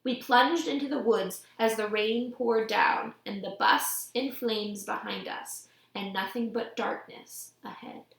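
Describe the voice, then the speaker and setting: A woman reads a novel aloud in a fairly high voice with a touch of vocal fry. Her storytelling is lively and expressive. The room around her is echoey. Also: measured pace, few pauses. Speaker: audiobook reader.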